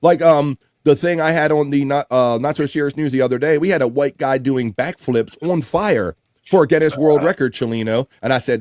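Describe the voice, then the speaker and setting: This live stream host's medium-pitched voice moves fairly quickly, captured in clean studio sound without echo. He goes through viewer comments casually, animated and jokey, with frequent laughter.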